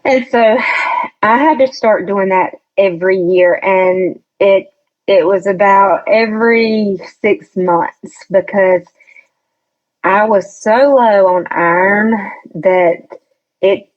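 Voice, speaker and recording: A woman's voice: mid-range voice, takes it slowly, narrow, tinny audio. A woman guest telling a personal story in a casual interview. She chats freely, acts out what others said, and laughs often. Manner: chatty storyteller who acts out quoted voices, laughs often. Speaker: podcast guest.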